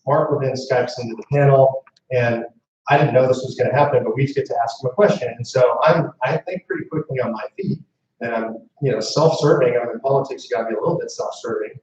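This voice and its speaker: A man's voice: medium pitch, fast talker, darkish tone, far from the mic, slight background noise. A man giving a storytelling speech to a live audience as founder of a movement, speaking conversationally with asides to the crowd. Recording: echoey room mic heard from afar, muffled.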